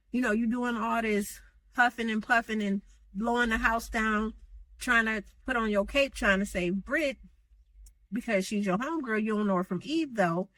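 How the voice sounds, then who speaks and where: A woman's voice: fairly high pitch, no echo. A woman giving a sassy, slangy recap of reality TV gossip, acting out what the cast said. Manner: sassy, animated, slangy, acts out quotes. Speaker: gossip commentator.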